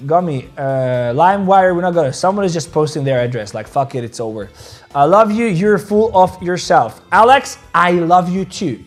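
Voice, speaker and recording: A man hosting a crypto trading livestream, rambling casually, swearing freely and joking with viewers about their likes. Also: high-pitched. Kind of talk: casual livestream chat, reading viewer comments.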